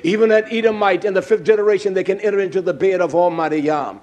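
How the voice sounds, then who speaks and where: A man preaching an impassioned sermon, swinging between low muttering and loud outbursts. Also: steady tone, fast talker. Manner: acts out bickering voices in his stories. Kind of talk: fiery sermon.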